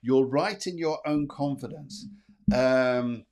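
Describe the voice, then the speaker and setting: A man's voice: mid-range voice, slow pace, a little mellow. A middle-aged man hosting a live-streamed psychic show, reading out viewer comments and giving reassuring readings with many fillers and repeats. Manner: reads viewer comments aloud. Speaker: psychic medium.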